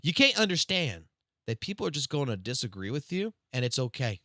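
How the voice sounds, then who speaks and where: A young man with a South Louisiana Cajun accent rants on a live stream, loud, emphatic and full of swearing. His voice is bright and animated, leaping up and down in pitch. The sound is dry and close. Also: brisk, no room sound. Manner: loud, emphatic and profane, swinging between loud and low-key. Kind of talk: casual stream rant.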